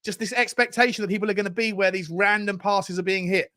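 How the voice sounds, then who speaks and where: Ranting high-voiced football fan host. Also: male voice, steady tone, fast talker, pushed and bright. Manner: exasperated, ranting and chatty. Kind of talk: live watchalong commentary.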